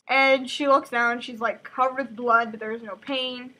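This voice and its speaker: A woman's voice: a little high, fairly even intonation, normal speed, bright, forceful tone, poor audio. A woman casually summarizing a novel chapter, chatty and full of "like" fillers. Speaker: host reading a novel aloud. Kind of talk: casual book summary with asides.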